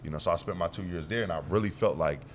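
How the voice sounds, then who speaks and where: A young man telling stories as a guest in a casual interview, animated and acting out the dialogue as he goes. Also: sits low, rapid-fire, slight background noise. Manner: animated storyteller who acts out quoted dialogue. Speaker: guest, pro football player.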